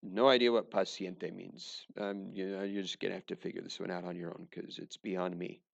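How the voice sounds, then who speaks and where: Man, teacher, recorded lesson, very gravelly fry, dull lo-fi sound, dry joking asides. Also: deep voice, little pitch movement, brisk.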